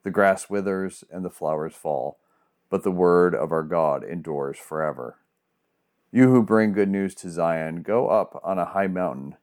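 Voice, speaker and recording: A man's voice: low voice, unhurried, a little mellow. A man serving as a church pastor, reading scripture and giving a sermon in an earnest, conversational way. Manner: earnest, conversational with restarts when preaching.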